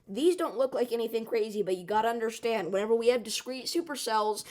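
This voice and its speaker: A woman with a hoarse, worn voice giving an urgent, emphatic severe weather forecast, often checking in with the viewer. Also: a little high, quick pace, darkish tone. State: hoarse, strained voice.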